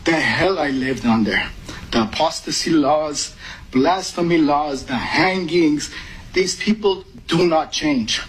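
A man's voice: fairly high pitch, takes it slowly, husky, low-quality recording. A man from Iran giving urgent, emotional public testimony at a podium microphone. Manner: urgent, emotional, rising to pleading. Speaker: public commenter at a meeting.

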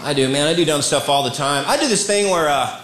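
Animated stand-up comic in a roomy club. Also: male voice, a little high, fairly quick, a faint crowd, a little hiss or hum. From US Midwest. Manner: animated, slips into mock voices and characters. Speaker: stand-up comedian. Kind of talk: live stand-up routine. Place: comedy club stage before a laughing audience. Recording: roomy live club recording with audience.

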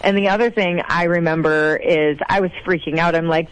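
An animated, gushing woman from South Dakota tells stories as a mayor being interviewed. She talks freely and excitedly, and her voice is recorded close and dry, with no room sound. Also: normal speed, few pauses, no room sound, low-quality recording. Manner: animated, gushing, acts out quotes in a higher voice. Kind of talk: casual storytelling in an interview.

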